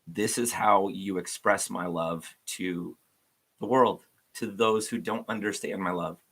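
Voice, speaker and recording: A man's voice: low voice, steady tone, unhurried, a bit bright. A man giving an informal, earnest devotional talk to viewers, rambling with frequent restarts.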